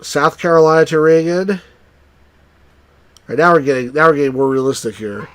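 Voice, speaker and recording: Nj guy rambling over a retro game stream, fairly high voice, dry close sound. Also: fairly quick, clean tone, no echo. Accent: New Jersey. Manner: chatty, wry, bursts into excited cheers. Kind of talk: live let's-play commentary.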